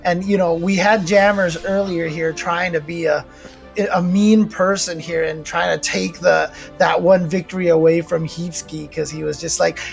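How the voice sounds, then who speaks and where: An American man commentating a fighting game tournament in a relaxed, chatty way, with lots of fillers. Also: a little high, moderate pace, vocal fry, soft background music. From United States. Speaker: esports commentator. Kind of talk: casual commentary.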